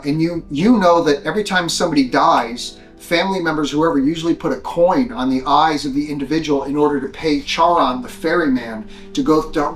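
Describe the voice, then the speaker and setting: A man narrating as game master of a tabletop game, playful and teasing with his players. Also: a little high. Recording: echoey room with faint music.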